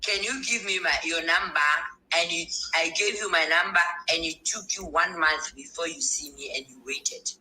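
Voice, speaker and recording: Sharp bright-voiced Nigerian woman storyteller. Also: fairly low pitch, normal speed, hardly any pauses, low-quality recording. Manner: animated storytelling, acts out both sides of a dialogue. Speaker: co-host. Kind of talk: frank casual discussion.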